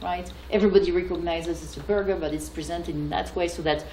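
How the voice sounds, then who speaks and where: A woman from France with a French accent, giving an academic lecture and pausing often with fillers and restarts. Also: fairly low pitch, steady tone, mellow, roomy sound, slight background noise, rough recording. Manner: hesitant, many fillers and restarts.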